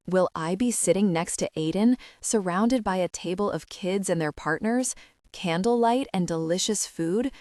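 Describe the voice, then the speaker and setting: A woman reading an audiobook in first-person narration, reflective and even. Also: fairly low pitch, moderate pace, no echo, studio quality.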